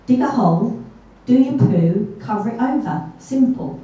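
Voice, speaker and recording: A woman voicing her male camping partner, brisk and dismissive. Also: extremely high pitch, lively intonation, dark tone, highs cut off, pitched above the performer's own voice. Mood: offhand. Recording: echoey hall from far off.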